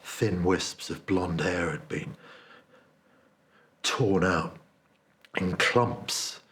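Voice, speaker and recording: Drawing out his words in a deep, exaggerated voice, a man performs a haunted dramatic monologue. His character is a remorseful man owning up to a cowardly betrayal, and he delivers it in a hushed, confessional manner.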